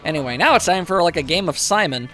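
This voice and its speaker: A man talks through a video game as he plays, wry and chatty, poking fun at his own mistakes. His voice sits high and bounces around a lot, with a bright, forceful edge. Faint game music plays beneath him. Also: animated, fast talker. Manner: chatty, wry, self-mocking asides. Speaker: gameplay commentator. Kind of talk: casual let's play commentary.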